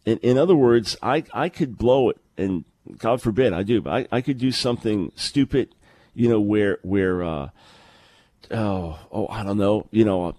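Male radio host, low earnest voice, dry close sound, conversational with word repeats. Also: normal speed, mellow, dry recording. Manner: earnest, conversational, repeats words when starting sentences. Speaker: radio talk show host. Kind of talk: live call-in radio talk. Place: remote location, early morning.

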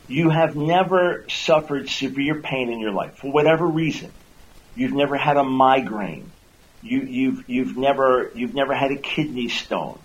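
On a muffled recording, a medium-pitched man hosts a radio talk show, teaching listeners earnestly as a Christian apologist. He repeats words to build each point and raises his voice when acting out quotes.

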